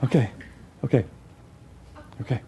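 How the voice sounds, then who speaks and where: A man giving a teaching talk to an audience, animated and acting out examples as he speaks. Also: a little slow.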